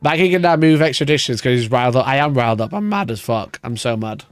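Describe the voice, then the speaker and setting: Ranting man, lively swearing host. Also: medium pitch, fast, dry recording, soft background music. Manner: ranting, swearing, mock outrage. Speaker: wargaming channel host. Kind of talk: casual live-stream chat.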